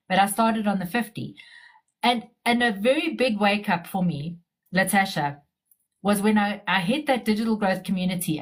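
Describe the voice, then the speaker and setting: Chatty woman telling her story. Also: medium pitch. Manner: chatty, animated storytelling with frequent restarts. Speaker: community member sharing her story. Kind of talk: casual live-stream chat.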